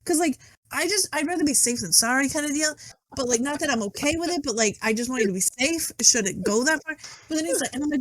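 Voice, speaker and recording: A middle-aged woman talks casually on a podcast, her high voice swooping widely as she acts out every quote. The sound is close and dry, with no room around it. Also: quick pace, no echo. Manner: animated storytelling, acts out quotes, laughs often. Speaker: guest reviewer.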